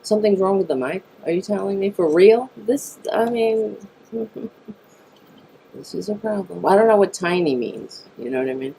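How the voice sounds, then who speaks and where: A woman hosts a live-streamed political show, reading headlines aloud and breaking off into blunt, cursing asides. Her voice sits at an ordinary middle pitch and comes through a streaming mic that sounds tinny. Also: expressive, normal speed, vocal fry, mellow, a little hiss or hum. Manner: blunt, profane, exasperated asides. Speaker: political talk show host.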